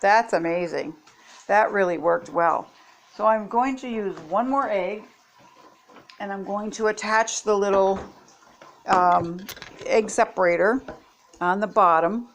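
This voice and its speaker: A woman's voice: medium pitch, a little slow, long pauses, slight background noise. An older woman chatting homily to viewers as she tests kitchen gadgets at home. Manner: chatty, homey, talks to viewers while demonstrating. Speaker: product-testing vlogger. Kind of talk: casual kitchen product demo.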